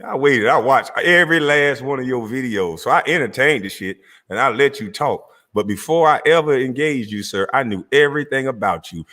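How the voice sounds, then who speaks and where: Lively, bright-voiced man ranting. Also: mid-range voice, brisk, hardly any pauses. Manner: profane, confrontational and mocking, with bursts of laughter and shouting. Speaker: channel host. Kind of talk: angry rant to camera. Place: Georgia, USA.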